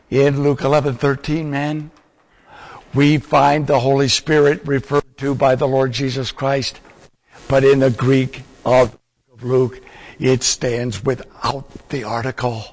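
An older man preaching and teaching, quizzing his listeners with questions in an explanatory, teacherly way. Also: mid-range voice. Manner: teacherly, asks the audience questions. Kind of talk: sermon teaching. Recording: long hall reverb.

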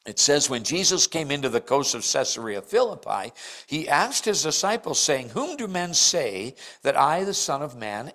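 Animated older preacher with lively pitch. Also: male voice. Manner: animated storytelling, acts out quotes with big pitch jumps. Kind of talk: sermon. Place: church.

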